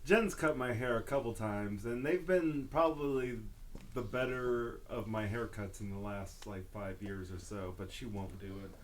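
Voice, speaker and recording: A man's voice: fairly low pitch, moderate pace. Easygoing guy on a podcast, joking about himself, bit of hiss behind him. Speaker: podcast co-host. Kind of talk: casual chat.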